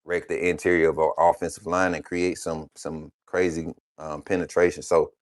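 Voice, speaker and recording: A man's voice: low voice, level tone, moderate pace, no echo, studio quality. A young man hosting a live college football stream, talking loosely with many fillers and restarts. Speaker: host of a college football channel. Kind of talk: casual live-stream talk.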